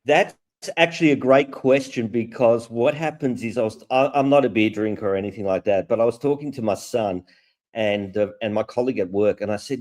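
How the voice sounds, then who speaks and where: A man's voice: medium pitch, fairly quick, a little mellow. A middle-aged man with an Australian accent, a guest in a casual chat, who talks earnestly and repeats phrases for emphasis. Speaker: call-in guest.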